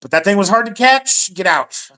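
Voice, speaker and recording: A man doing a gruff, exasperated half-orc shopkeeper, barking and cursing in a tabletop game. The voice swings from low growls up into higher, strained outbursts. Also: expressive, moderate pace. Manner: yelling, swearing, exasperated.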